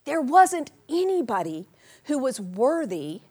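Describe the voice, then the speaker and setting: An animated woman preaching a sermon in a church, swinging from quiet storytelling to loud calls out to the congregation. She acts out the quotes in playful put-on voices. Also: high voice, slow, husky.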